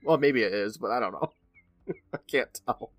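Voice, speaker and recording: A man's voice: mid-range voice, animated, normal speed, no echo, faint music behind. A man in his thirties co-hosting a podcast, eagerly retelling an episode in casual chat and laughing often. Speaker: podcast co-host.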